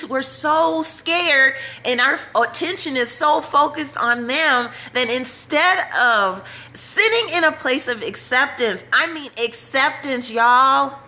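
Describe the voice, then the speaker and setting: Woman vlogger, bright voice, higher pitch, urgent preaching to her followers. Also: takes it slowly, few pauses. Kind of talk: impassioned direct-to-camera talk.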